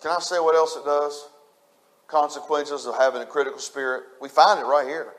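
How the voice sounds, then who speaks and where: A man's voice: fairly high pitch, steady tone, brisk, fairly bright tone. A man preaching a sermon, repeating his points with emphasis and speaking straight to the congregation. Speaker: pastor.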